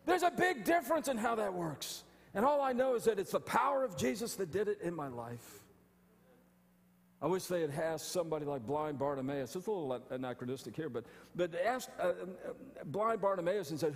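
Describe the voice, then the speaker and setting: A male pastor preaching an animated sermon, often restarting phrases. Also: sits high, a little fast, gravelly, big-room sound. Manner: animated, stumbling restarts, acting out quotes. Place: church sanctuary.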